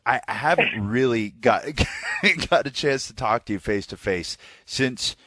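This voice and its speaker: A man hosting a podcast, asking questions in a relaxed, friendly way. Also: mid-range voice, measured pace, dry recording. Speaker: podcast host. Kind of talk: casual interview.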